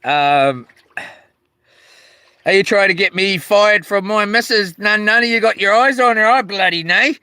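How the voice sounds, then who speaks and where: A man's voice: high voice, measured pace, long pauses, bright, forceful tone, clear, resonant tone, no echo, studio quality. A man with a New Zealand accent chatting casually on a live stream from a small boat outdoors, slangy and laid-back as he reads viewer comments aloud. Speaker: livestreaming fisherman.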